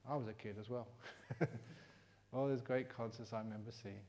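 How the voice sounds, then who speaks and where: An older man from England leading a retreat Q&A, teaching in a humorous, teasing way that turns gentle and reflective. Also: mid-range voice, steady tone, moderate pace, slight background noise. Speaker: meditation teacher answering questions. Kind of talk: retreat Q&A talk. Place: retreat hall.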